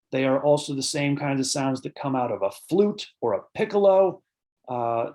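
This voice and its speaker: A man's voice: fairly high pitch, a little mellow. A man giving a lecture on bird sounds at an online conference, explaining terms with frequent fillers and answering audience questions between points. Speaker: birding author and presenter.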